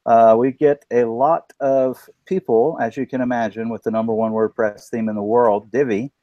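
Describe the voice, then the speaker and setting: A man hosts a casual live panel chat. He talks in a loose, upbeat way with plenty of fillers, in a middle pitch. The sound is dry and close. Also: steady tone, normal speed, no echo, muffled recording. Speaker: podcast host.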